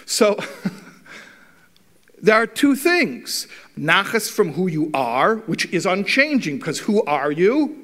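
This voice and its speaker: A man's voice: high-pitched, unhurried. A middle-aged man giving a talk to a live audience, telling stories with wry humour and acting out the dialogue. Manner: animated storyteller, acts out dialogue.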